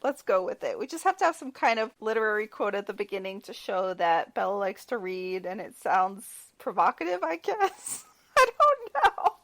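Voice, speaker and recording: Animated, sarcastic woman recapping a movie. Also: medium pitch, normal speed. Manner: sarcastic, lively, laughs often. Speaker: podcast co-host. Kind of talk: casual movie recap chat.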